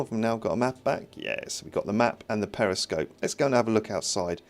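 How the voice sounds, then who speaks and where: A man's voice: on the low side, fast. A man streaming live as he builds his own game, chatting, reading viewer comments and thinking aloud with a self-mocking humour.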